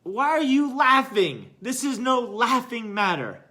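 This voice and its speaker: A man's voice: extremely high pitch, big pitch swings, unhurried, pushed and bright, voice pushed up, heavily acted. A man voicing an indignant, rule-bound male monk who scolds his companion in a storytelling talk. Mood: scolding. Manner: scolding, rising in agitation.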